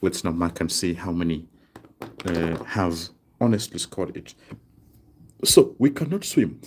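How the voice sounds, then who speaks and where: A man teaching an online language lesson, explaining slowly and deliberately and drawing out each example word. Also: low voice, expressive, a little hiss or hum. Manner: slow, deliberate explaining with drawn-out example words.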